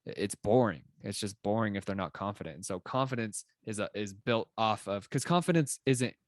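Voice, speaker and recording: A young adult man co-hosting a podcast, explaining ideas in an animated, casual way with plenty of filler words. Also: fairly low pitch, fairly quick, dry recording, studio quality. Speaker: podcast co-host. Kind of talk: casual conversational chat.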